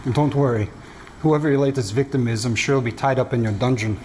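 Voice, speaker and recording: Wry intelligence officer, played by an actor, mid-pitched, with faint background noise. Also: male voice, fairly quick, a little mellow, lightly acted.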